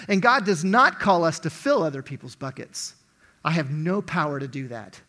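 A man's voice: high voice, lively intonation, sharp tone. Man preaching an emphatic, conversational sermon. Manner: conversational, emphatic, stretches key words slowly. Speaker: pastor.

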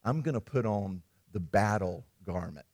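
A man's voice: fairly low pitch, expressive, moderate pace, darkish tone, pitched below the performer's own voice. A man voicing a scheming, self-willed ancient king in a retold story, speaking casually with hedges and stammers. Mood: insistent.

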